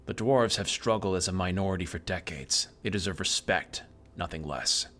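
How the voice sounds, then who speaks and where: Earnest, solemn dwarves speak in a low, plain voice, as a man reads them from a game. There is little acting in it. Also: moderate pace, fairly bright tone.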